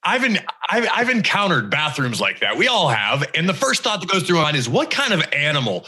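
A man's voice: fairly high pitch, big pitch swings, a little fast, pushed and bright, breathy edge. A man hosting a casual talk show, earnest and rambling, often trailing off mid-sentence. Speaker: host. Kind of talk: casual chat.

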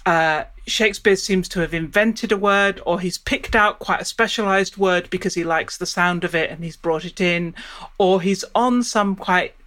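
A woman's voice: fairly low pitch, normal speed, a bit bright. A woman professor explaining in an interview, thinking aloud and often stopping to restart her sentences. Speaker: professor of Shakespeare studies.

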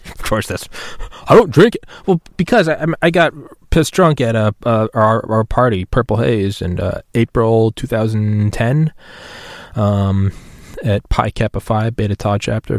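A man's voice: fairly low pitch, measured pace, no echo, clean studio sound. A man in his thirties hosting a solo podcast, rambling and profane and mocking himself as he talks. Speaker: podcast host.

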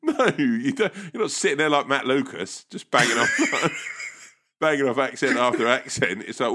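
A man, co-hosting a podcast, tells stories in a sweary, animated, joking way. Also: medium pitch, moderate pace. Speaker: podcast co-host. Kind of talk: casual comedic chat.

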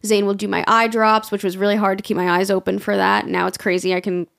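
A woman's voice: mid-range voice, little pitch movement, fast talker, gravelly, fairly bright tone. A young adult woman co-hosting a podcast, telling a story in casual chat with frequent swearing and laughter. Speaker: podcast co-host.

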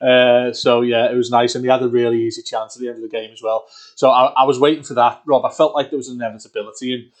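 Man, podcast co-host, rambling, excitable, casual football chat, mid-pitched voice. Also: fast. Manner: rambling, excitable, many restarts.

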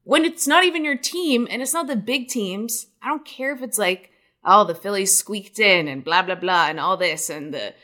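A woman co-hosting a sports podcast, talking in a rambling, animated, self-deprecating way. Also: medium pitch, normal speed. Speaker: podcast co-host. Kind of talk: casual sports chat. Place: New York City.

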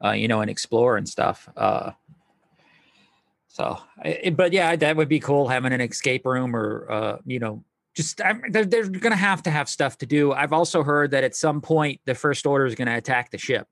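A man's voice: mid-range voice, expressive, moderate pace, creaky, fairly bright tone, dry recording, clean studio sound. A man co-hosting a podcast, chatting casually and with enthusiasm. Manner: enthusiastic, laughs easily.

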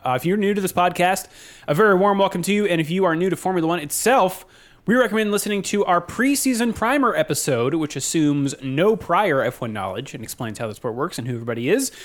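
A man hosting a casual podcast, joking with his co-hosts and reading the show plugs smoothly. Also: on the high side. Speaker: podcast host.

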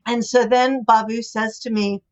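A woman's voice: on the high side, level tone, measured pace. An older woman, a guest author and relationship expert, telling anecdotes animatedly in a podcast interview. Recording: dull lo-fi audio.

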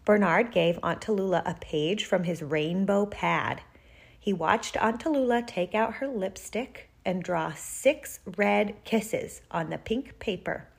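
A woman reading a picture book aloud to children in a deliberate, expressive way. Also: medium pitch, creaky, breathy edge. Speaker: reader.

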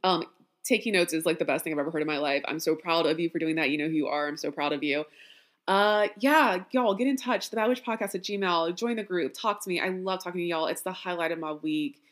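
A woman with a slightly low voice and a Southern lilt chats casually through her podcast sign-off. She sounds tired, talks loosely, and laughs at herself as she goes. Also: fast. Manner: chatty, warm sign-off with laughs, self-deprecating. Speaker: podcast host. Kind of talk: casual chat.

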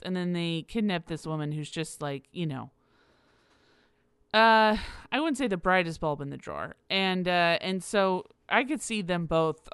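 Rambling low-voiced woman podcaster. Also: clean tone, no echo, studio quality. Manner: rambling, laughing, frequent fillers and swearing. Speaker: podcast host. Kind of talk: casual solo commentary.

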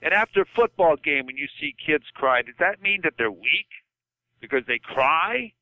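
A man's voice: fairly high pitch, expressive, normal speed. An older man, a football coach, talking passionately on a podcast, often repeating himself and asking "okay?". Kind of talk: podcast phone-in chat. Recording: tinny phone line.

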